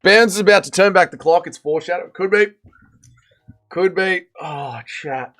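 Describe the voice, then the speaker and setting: Tired, hungover streamer. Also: male voice, high-pitched, moderate pace, fairly bright tone. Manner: rambling, swearing, slangy banter with chat. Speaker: livestream host. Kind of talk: casual live watch-party chat.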